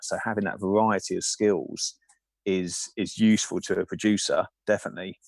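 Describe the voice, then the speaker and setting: Low-voiced man telling rambling anecdotes. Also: no echo. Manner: rambling anecdotes with many fillers. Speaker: film safety supervisor, guest. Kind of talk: casual podcast interview.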